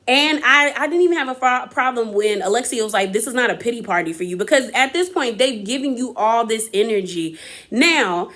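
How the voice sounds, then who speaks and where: A woman's voice: on the high side, fairly bright tone. Chatty, opinionated woman recapping TV. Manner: chatty, opinionated, quotes people in voices. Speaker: reality TV recap vlogger. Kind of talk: casual recap commentary.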